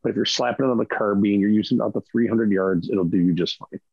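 Gravelly-voiced man on lo-fi remote audio. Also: fairly low pitch, quick pace, no room sound. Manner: emphatic, keeps asking "right?". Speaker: podcast panelist. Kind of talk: casual panel chat.

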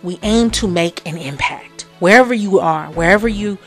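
A woman's voice: moderate pace, soft background music. A woman hosting a motivational podcast, speaking in a preachy way and repeating phrases for emphasis. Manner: swings from low murmurs to loud exclamations. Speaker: podcast host. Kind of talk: motivational talk.

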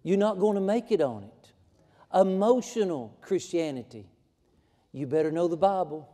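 Folksy preacher in a reverberant church. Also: male voice, high voice, expressive, moderate pace, mellow. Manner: folksy, emphatic preaching, rising to a fervent climax. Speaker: pastor. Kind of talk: sermon. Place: church sanctuary.

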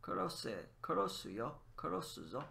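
With a gravelly, sharp, somewhat high and sing-song voice at a moderate pace, a man teaches Japanese while commenting on his gameplay. He alternates Japanese phrases with English explanations, musing as he goes.

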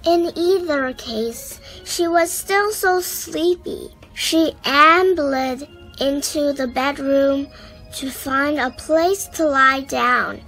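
A woman storyteller reading a picture book aloud to children in an expressive way. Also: high-pitched, takes it slowly, faint music behind, rough recording.

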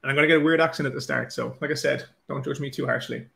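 A man's voice: mid-range voice, fairly even intonation, very fast, vocal fry, fairly bright tone, roomy sound. An Irish man, an author, chatting casually and nervously with lots of fillers and restarts. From Ireland. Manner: self-deprecating, nervous, many filler likes and restarts. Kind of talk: casual chat, then reading aloud.

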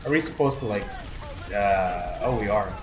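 A man playing a video game with a friend, excitable and swearing, with sudden loud yelps and laughs. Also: on the low side, moderate pace. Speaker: gamer co-host. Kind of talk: casual let's-play chat. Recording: roomy echo with faint noise.

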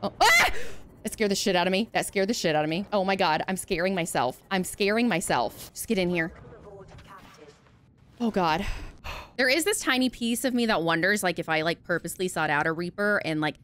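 A woman's voice: fairly low pitch, fairly quick, a bit bright, slight background noise. A young woman giving live commentary on her own gameplay from a home setup. She is anxious and jittery, swears freely, and talks to herself through the tense moments. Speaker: gaming video creator.

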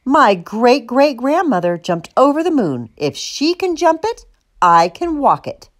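A woman's voice: high-pitched, big pitch swings, measured pace, pitched above the performer's own voice. A woman voicing a stubborn, dreamy female cow who whines and pleads dramatically. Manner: whiny, dramatic.

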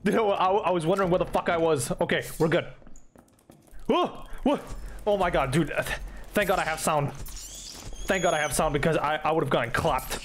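A young man giving excited, swearing commentary on his own gameplay, talking to himself and taunting enemies. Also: a little high, a little fast, a little hiss or hum. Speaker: gaming streamer.

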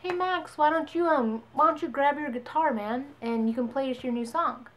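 A young female vlogger speaks directly to her viewers in a loose, chatty storytime. Her voice sits a little high, and she slips into quick, animated impressions of the people in her story.

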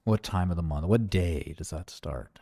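A man's voice: low voice, moderate pace, gravelly, warm tone, no echo. Sarcastic man rambling on a dry stream. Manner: sarcastic, mocking, digressive. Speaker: livestreamer commenting on markets. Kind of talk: rambling casual livestream commentary.

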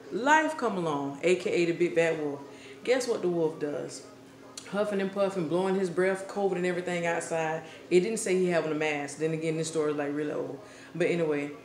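A woman vlogger telling a story in a comic, casual way, slangy and animated, often breaking into laughter. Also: fairly low pitch. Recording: echoey room with faint hiss.

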